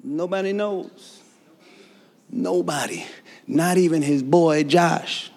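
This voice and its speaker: A preacher delivering a fervent sermon in church, worked up, breaking into shouts and laughter. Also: male voice, a little high, slow.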